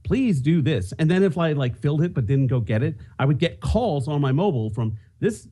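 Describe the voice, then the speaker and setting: A man with a slightly high voice tells a rambling, self-mocking story. His pitch jumps and dips as he acts out the scene. It is relaxed podcast chat among friends. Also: a little fast. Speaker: podcast co-host. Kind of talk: casual chat.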